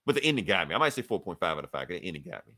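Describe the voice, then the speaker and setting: A man's voice: low voice, sing-song, rapid-fire, sharp tone, no echo. A man casually recapping a comic book on a podcast, acting out the characters' lines and swearing freely. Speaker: podcast co-host reviewing comics.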